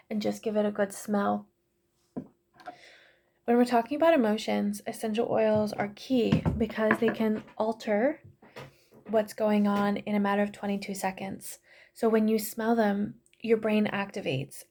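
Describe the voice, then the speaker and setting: A woman's voice: medium pitch, creaky, mellow. A woman in her thirties teaching a casual online class, chatty and full of fillers, often correcting herself. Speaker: yoga and essential oils class teacher.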